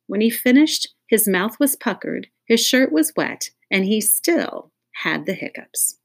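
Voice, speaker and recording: A woman's voice: medium pitch, big pitch swings, unhurried, gravelly. A woman reading a children's audiobook aloud in a playful way, speaking directly to young listeners. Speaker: audiobook reader.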